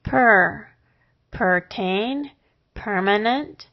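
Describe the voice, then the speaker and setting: Slow, gravelly woman teaching phonics. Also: mid-range voice. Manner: sounds out syllables and words one at a time with long pauses. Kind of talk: slow, deliberate phonics lesson. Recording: dull lo-fi recording.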